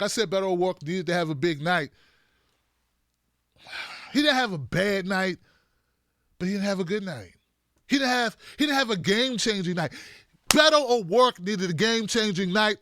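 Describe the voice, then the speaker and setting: Male political show host, high bright voice, sarcastic and animated, dry sound. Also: no echo. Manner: animated, mocking, does impressions of politicians. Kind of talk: opinionated political commentary.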